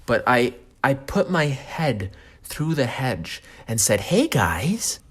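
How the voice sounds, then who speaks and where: A man's voice: mid-range voice, lively intonation, slow. A man hosting a podcast, telling a comic story in a profane, self-mocking monologue. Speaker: podcast host.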